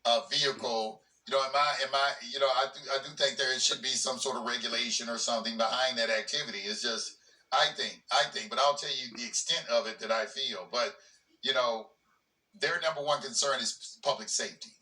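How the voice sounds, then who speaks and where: Heard from a distance in an echoing room, a sharp-voiced man who hosts a legal commentary channel reads out a legal document with casual commentary. His pitch is medium and his intonation fairly even, his pace a little fast, and he repeats words when restarting after plainspoken asides.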